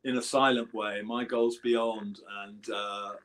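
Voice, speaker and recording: This English guest musician, a man in his seventies, talks slowly and flatly in a fairly low, somewhat bright voice. Chatting casually in an interview, he tells meandering stories that stop and start again.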